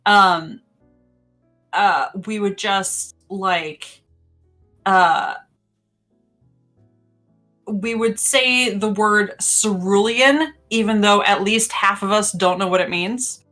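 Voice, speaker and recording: A woman's voice: medium pitch, steady tone, slow, pauses often, bright, forceful tone, soft background music. A woman playing a tabletop game, hesitant with many ums as she narrates her character. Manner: hesitant, lots of ums, giggly. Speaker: player. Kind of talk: tabletop role-play narration.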